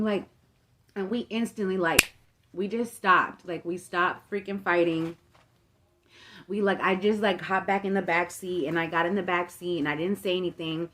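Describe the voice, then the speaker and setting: A woman's voice: fairly low pitch, steady tone, moderate pace, fairly bright tone. A young woman vlogger telling a long story in a casual, chatty way, swearing freely and peppering it with fillers. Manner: chatty, profane, filler-heavy retelling.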